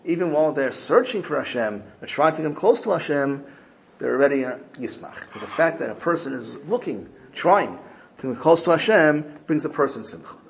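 A man giving an animated Torah sermon, telling stories and using Hebrew and Yiddish terms. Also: on the high side, a little fast, creaky, slight background noise. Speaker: rabbi teaching Torah. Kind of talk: sermon with storytelling.

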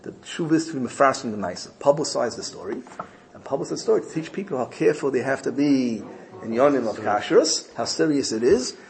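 A man's voice: medium pitch, very animated, fast talker, vocal fry, crowd noise, poor audio. A man teaching a Torah class, explaining Hebrew verses in English and mixing in Yiddish terms as he tells a story.

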